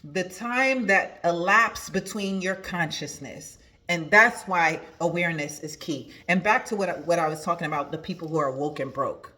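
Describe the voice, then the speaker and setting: A woman's voice: fairly low pitch, normal speed, sharp tone. A woman hosting a motivational talk as a spiritual coach, emphatic and preachy, repeating her key phrases.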